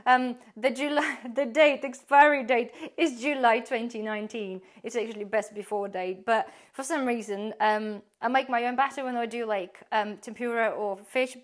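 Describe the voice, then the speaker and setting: A woman, giving a chatty, rambling tour of her pantry and laughing often. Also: on the high side. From UK-based. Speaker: prepping vlogger.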